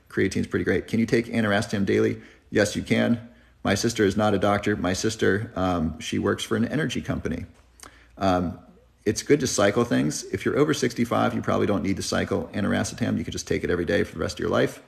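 A man's voice: low-pitched, gravelly. A man in his thirties hosting a live health Q&A, talking earnestly and reflectively to viewers. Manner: earnest, reflective, tearing up at times. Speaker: health channel host. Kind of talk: live Q&A chat. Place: driving, in a car.

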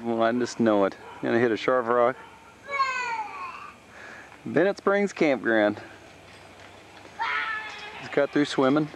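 A man's voice: medium pitch, vocal fry, dull audio. A man filming his family with a handheld camcorder at an outdoor campground, chatting playfully and teasing the kids. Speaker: home video camera operator. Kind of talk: casual home video narration. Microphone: handheld camcorder mic. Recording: noisy outdoor camcorder audio with traffic.

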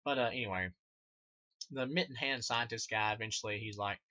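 A man tears into a movie in a loose, rambling review, cursing constantly and chuckling between points. His voice is bright and forceful, close and dry, and the recording is dull and lo-fi. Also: lowish voice, a little fast, dry recording. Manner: rambling, profane, laughs often. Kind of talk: casual spoken film review.

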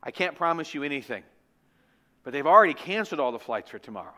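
A man's voice: fairly high pitch, big pitch swings, fast, bright, forceful tone, voice pushed down. A man quoting a blunt, dismissive female airline phone agent during a sermon.

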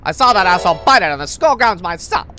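A woman voicing a blunt, swearing teenage delinquent girl in a video game, with a low, dismissive drawl. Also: animated, quick pace, sharp tone, soft background music. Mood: gruff.

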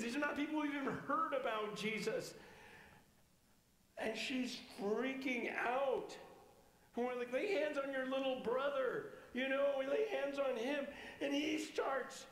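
Man in his 50s, high voice, sermon storytelling, roomy church echo, faint background hum. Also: fairly bright tone. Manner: storytelling, acting out quoted dialogue. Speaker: pastor teaching a healing class.

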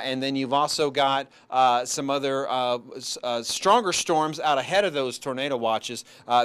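A man working as a TV meteorologist, speaking in an easygoing, halting way with many fillers in a newsroom. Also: mid-range voice, a bit bright, clean tone. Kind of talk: casual newsroom chat and weather forecast.

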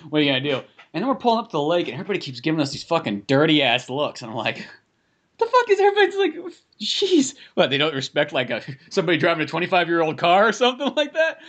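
A man co-hosting a podcast, telling quick joking stories in casual chat and swearing a lot. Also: fairly high pitch, animated, fairly bright tone. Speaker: podcast co-host.

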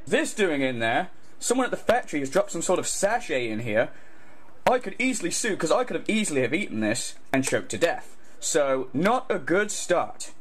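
A man's voice: a little high, very animated, moderate pace. A man playing a self-important male YouTuber reviewing food, rambling and complaining in a pompous way. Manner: pompous, rambling, grumbling asides. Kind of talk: parody impression.

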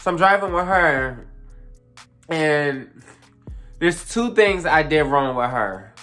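A young adult vlogger tells a story in a casual, animated way, taking it slowly. The talk is loose and profane, mid-pitched, and full of fillers and asides to viewers, with faint music running underneath.

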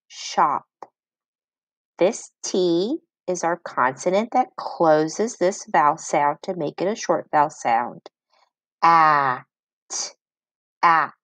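Woman reading teacher, slow careful phonics lesson, sounds out word parts, lowish voice, dry close sound. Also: dry recording.

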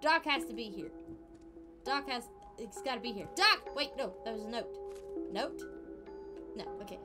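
A young woman streamer chatting casually while she plays a game, animated and giggly, squealing at surprises and murmuring quiet asides. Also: on the high side, moderate pace, music in the background. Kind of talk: casual gameplay commentary.

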